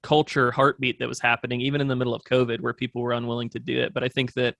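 Speaking in a rapid-fire monotone, a podcast guest who runs an agency rambles thoughtfully through business plans with plenty of fillers during a casual interview. His medium-pitched voice is creaky and a bit bright, with no room sound.

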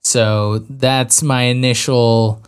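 A man's voice: medium pitch, steady tone, slow pace, smooth. A man co-hosting a podcast in casual chat, hesitant and hedging with fillers. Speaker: podcast co-host.

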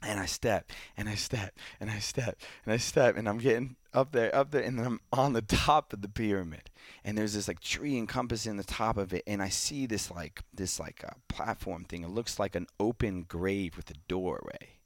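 Male guest, deep voice, rambling animated storyteller, dry close mic. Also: normal speed, dry recording. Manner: animated storyteller, many "like"s, drops to a hush in quiet moments. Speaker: podcast guest. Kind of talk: casual storytelling.

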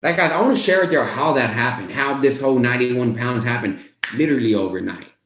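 A young man talks straight to his viewers about his own turnaround, casual and lively, slipping into the voices of his past self. His voice sits in a middle range. A roomy echo hangs around it. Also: mid-range voice, fast, slight background noise. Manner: animated, casual, acts out his own quotes. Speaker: weight-loss coach. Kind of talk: motivational storytelling to viewers.

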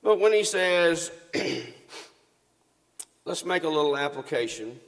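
A man's voice: on the high side, expressive, slow, vocal fry, long reverb tail. A man preaching a sermon, reading scripture aloud and asking the congregation questions that he answers himself.

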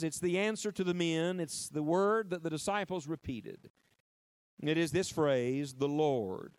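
A man's voice: high voice, no echo. A man preaching a sermon, emphatic and repetitive. He drives key phrases home, prompts the congregation to answer and drops playful asides.

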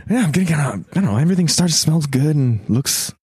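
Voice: mid-range voice, expressive, fast talker, darkish tone, breathy edge, no echo. A player improvising a hungry, dim-witted male hockey player who rambles and trails off. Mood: goofy hungry. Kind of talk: improvised comedy scene.

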